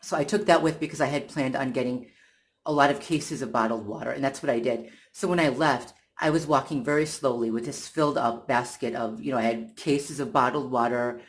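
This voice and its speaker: Vlogger ranting about their day, keeps restarting sentences, exasperated, mid-pitched voice. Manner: halting, many restarts and repeated words; irritated, exasperated retelling. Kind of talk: casual first-person account.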